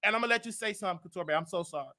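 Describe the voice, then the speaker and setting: A brash man with a high voice hosts loud gossip commentary, trash-talking at a rapid clip and shouting often.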